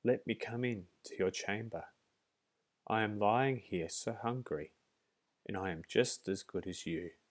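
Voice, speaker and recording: A man's voice: lowish voice, unhurried, natural voice. A man voicing a defiant hungry little bee grub. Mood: pleading. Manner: pleading, insistent.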